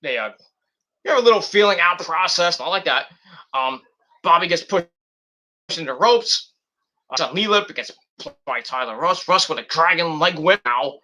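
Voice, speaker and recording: A man casually recapping a wrestling show in a vlog, animated and swearing freely as he acts out what people said. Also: on the high side, moderate pace, pauses often.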